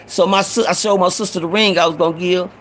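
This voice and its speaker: A man's voice: sits high, fairly even intonation, fast, fairly bright tone. A man telling a rambling, profane story from his own life in a casual way, with many restarts. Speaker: storyteller host.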